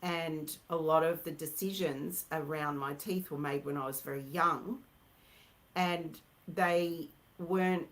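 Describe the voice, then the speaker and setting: A woman's voice: sits low, steady tone, takes it slowly, poor audio. A middle-aged woman, a mother who is a guest, speaking reflectively in a casual conversation.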